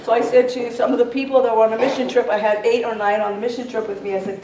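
A woman preaching a sermon in a fervent manner, her storytelling rising into shouted prayer. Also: on the high side, little pitch movement, fast, hardly any pauses, slight background noise. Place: church sanctuary. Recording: roomy church sound from a distance.

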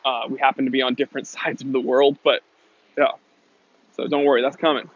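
A man's voice: mid-range voice, level tone, a little fast, slight background noise. A man who runs a watch shop, hosting a live stream and chatting through viewer comments in a rambling, casual way. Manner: rambling, restarts and fillers, answers chat questions. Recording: dry, dull lo-fi stream audio.

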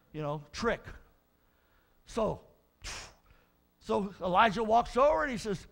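A middle-aged male pastor preaching a sermon, telling Bible stories in an animated way, acting out the figures and building to shouts. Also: sits high, slow pace, gravelly, long pauses.

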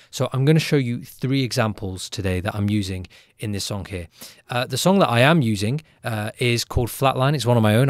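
A man who produces music gives a casual, upbeat tutorial in a chatty way, often tagging lines with a quick question. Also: mid-range voice, dry recording, studio quality.

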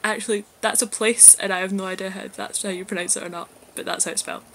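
A young woman from Scotland with a Glaswegian accent, chatting casually in a vlog at home and reading a list of words aloud clearly. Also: mid-range voice, fairly even intonation, slight background noise. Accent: Glaswegian Scottish. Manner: chatty, slow, reads words out loud and clear. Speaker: vlogger. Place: flat, indoors.

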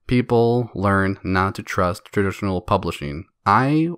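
A man's voice: sits low, unhurried, a bit bright, smooth, no echo, studio quality. A man hosting a solo podcast, ranting in a profane, mocking way and laughing between jabs. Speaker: podcast host.

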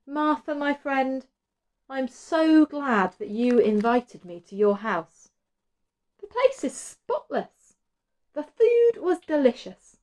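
A woman reading a storybook aloud and voicing a gentle, kind man who speaks softly and patiently. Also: high voice, big pitch swings, slow pace, voice pushed up, full character voice. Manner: soft, patient, reassuring. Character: gentle, kind grown man, calm teacher.

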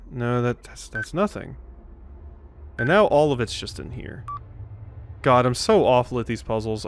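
A man's voice: medium pitch, a little hiss or hum. Man thinking aloud while gaming. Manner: self-deprecating, thinks aloud. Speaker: let's play host. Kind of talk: gaming commentary.

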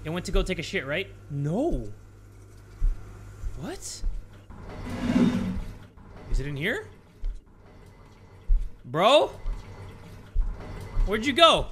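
Excitable, bright young man gaming. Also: high-pitched, very slow, long pauses, slight background noise. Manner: excitable, swearing, jokey, talks to viewers. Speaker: gaming YouTuber. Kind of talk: let's play commentary.

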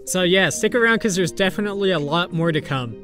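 High-voiced young man telling a story. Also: quick pace, faint music behind. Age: young adult. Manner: animated, swearing, acts out quotes. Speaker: YouTuber. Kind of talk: casual storytelling.

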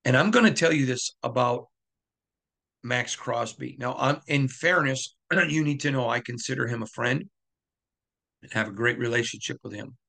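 A man's voice: medium pitch, normal speed, creaky, pushed and bright. A middle-aged man hosting a sports podcast, talking in an emphatic monologue and repeating lines for effect. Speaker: podcast host.

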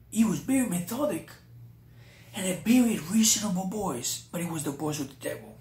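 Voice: mid-range voice, a little fast, a little mellow. A preacher telling a personal testimony to viewers, often calling them "you guys.". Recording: roomy echo.

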